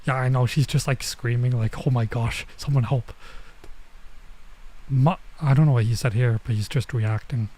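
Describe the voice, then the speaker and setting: A man streaming as he reads a manga aloud, thinking out loud and hesitating while he works out translations. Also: mid-range voice, a little fast, hardly any pauses, rough recording.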